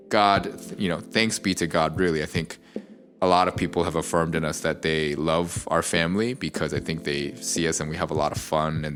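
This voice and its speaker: Deep-voiced pastor, reflective and unhurried. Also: male voice, fairly bright tone. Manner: reflective storytelling with many fillers. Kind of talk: casual podcast conversation.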